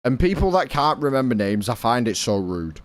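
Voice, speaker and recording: Young British male streamer, animated, casual and chatty, dry close sound. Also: mid-range voice, normal speed, no room sound. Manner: chatty, reads and answers chat, swears casually. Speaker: game streamer.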